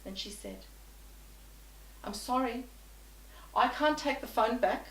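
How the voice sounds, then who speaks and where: A woman's voice: a little high, slow pace, far from the mic. A woman guest telling an anecdote in conversation, animatedly acting out both sides of the dialogue. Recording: echoey room.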